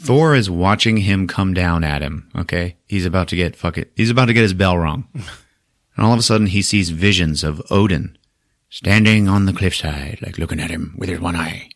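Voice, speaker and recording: A man hosting a podcast who recaps a movie in a casual, profane, animated way, laughing often. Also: sits low, moderate pace, dry recording, studio quality. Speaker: podcast host.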